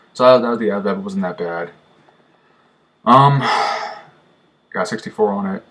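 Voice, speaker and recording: Low-voiced young man, rambling and profane. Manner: profane, rambling, frequent restarts and fillers; acts out dialogue in quoted exchanges. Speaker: vlogger. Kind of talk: casual vlog recounting an experience.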